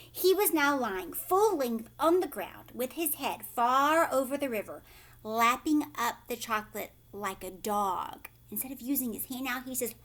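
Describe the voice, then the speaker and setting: A woman teacher reading a chapter book aloud to children, pausing to ask questions in whispered asides. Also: sits high.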